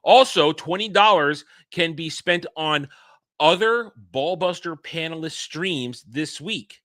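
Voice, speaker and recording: Lively bright-voiced man hosting a stream. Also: on the high side, slow, no echo. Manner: rambling, repeats himself, chuckles. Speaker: livestream host. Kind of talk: casual livestream chat.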